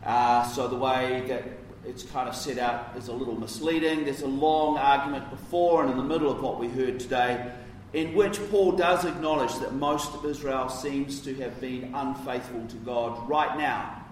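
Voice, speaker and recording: A man's voice: mid-range voice, moderate pace, few pauses, slight background noise. A man preaching a sermon in a conversational, emphatic way, with casual asides. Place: church. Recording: roomy echo from a distance.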